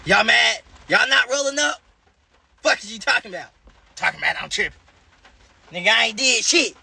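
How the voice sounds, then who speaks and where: A man's voice: very high-pitched, animated, normal speed, vocal fry, sharp tone, husky. A man with a Southern American accent, a rapper talking on a phone livestream, rambling and profane as he answers his viewers' comments. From Charlotte, North Carolina. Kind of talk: casual livestream chat.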